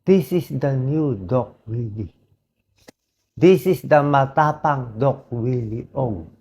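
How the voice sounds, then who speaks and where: A man with a Filipino accent speaks in a hoarse, worn voice, unhurried and deliberate. He is a doctor giving an earnest, pleading personal monologue, slipping between English and Tagalog. His pitch sits in an ordinary middle range. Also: expressive, darkish tone.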